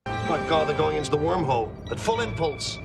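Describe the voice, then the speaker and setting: A man's voice: on the high side, animated, brisk, creaky, loud music behind the voice. An actor playing a male space station officer, giving urgent, clipped reports in a TV clip. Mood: alarmed. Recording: TV clip over loud score.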